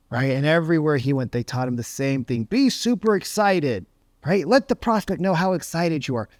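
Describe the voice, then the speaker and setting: A man's voice: mid-range voice, a little mellow, no room sound, clean studio sound. Emphatic male sales coach. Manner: emphatic, asks rhetorical questions, says "right?" often. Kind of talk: motivational talk.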